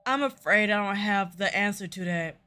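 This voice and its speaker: A woman reading a gentle, attentive male doctor's lines aloud from a visual novel, in a calm, reassuring, measured way. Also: mid-range voice, clear, resonant tone, soft background music, lightly acted.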